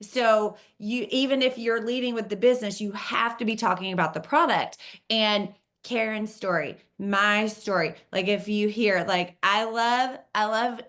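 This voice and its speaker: A woman's voice: mid-range voice, unhurried, few pauses, a bit bright. Chatty woman hosting a team call. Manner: enthusiastic, chatty, addresses the group directly. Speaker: host of a team training call. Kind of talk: casual coaching chat.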